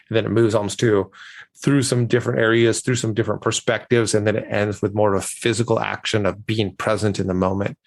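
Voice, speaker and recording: Gravelly-voiced man coaching on a podcast. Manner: storytelling, acts out quoted dialogue with lively jumps in pitch. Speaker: communication coach, podcast guest. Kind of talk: conversational interview answers.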